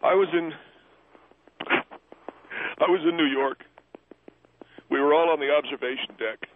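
A man's voice: on the high side, a little slow, a little hiss or hum, close to an everyday voice. A man voicing a distraught middle-aged male caller who stammers, pleads and keeps defending a story that shifts. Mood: flustered. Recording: tinny phone line.

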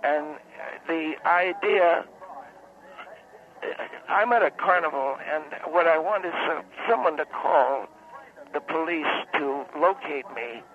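A man voicing a confused older woman caller who is lost at a carnival, halting and hesitant as she stumbles over her own spelling. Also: fairly high pitch, pitched above the performer's own voice. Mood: puzzled. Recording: phone-like call line.

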